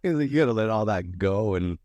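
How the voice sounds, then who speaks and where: A man co-hosting a podcast in casual chat, laughing often and acting out quoted lines in higher voices. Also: expressive, fast talker, a little mellow, no echo, dull audio. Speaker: podcast co-host.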